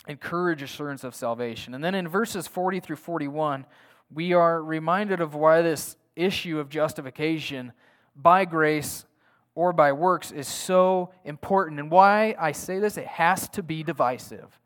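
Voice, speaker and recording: Male pastor, somewhat high voice, earnest sermon delivery, rhetorical questions. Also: unhurried, fairly bright tone, clean tone.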